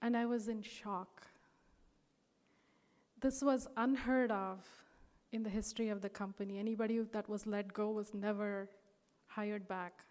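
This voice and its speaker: A woman's voice: mid-range voice, fairly even intonation, unhurried, pauses often, darkish tone. A young woman telling a personal testimony at a devotional gathering, earnest and emotional, with many fillers. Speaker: speaker sharing a personal testimony. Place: large hall. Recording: hall reverb.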